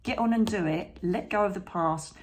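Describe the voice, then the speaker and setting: A woman's voice: mid-range voice, normal speed, a little hiss or hum. A woman doing a chatty tarot reading to camera, encouraging and fond of tag questions like "okay?". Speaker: psychic tarot reader.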